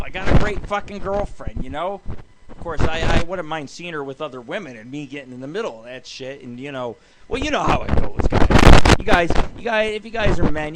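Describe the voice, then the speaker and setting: Profane high-voiced male radio host. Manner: profane, rambling, mocking. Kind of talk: crude comedic rant reading a personal ad. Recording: loud background noise.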